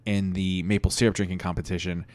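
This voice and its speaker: A man co-hosting a comedy podcast, improvising a story with a rambling, halting delivery full of restarts. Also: low voice, little pitch movement. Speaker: podcast co-host.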